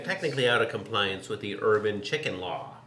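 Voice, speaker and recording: A man hosting a casual interview, playful and laughing, telling a lively story. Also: fairly low pitch, a little fast, reverberant, slight background noise. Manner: playful, laughing, acts out voices in stories. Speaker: host.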